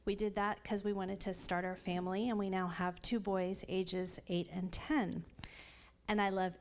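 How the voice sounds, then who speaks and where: A woman's voice: medium pitch, little pitch movement, moderate pace, a little hiss or hum. A woman in her thirties sharing an earnest personal testimony at a women's Bible study. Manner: earnest, warm storytelling with light laughs. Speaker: church member sharing a testimony.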